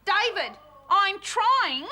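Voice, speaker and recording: A woman's voice: extremely high pitch, big pitch swings, extremely slow, full character voice. A woman playing a ditzy, fussy young housewife in a comedy sketch, with a sing-song, dim manner. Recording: loud background noise.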